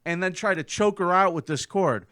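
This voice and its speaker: A man co-hosting a comedy podcast, telling a crime story in a profane, animated way and acting out the people in it. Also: high voice, normal speed, no echo, studio quality. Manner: profane, animated, acts out quotes. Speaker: podcast co-host.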